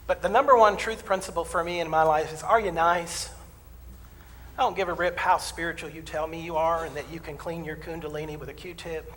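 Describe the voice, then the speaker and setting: A man preaching a sermon as the minister, folksy and humorous, telling personal stories and acting out voices. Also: on the high side. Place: church sanctuary. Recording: distant mic in a reverberant hall.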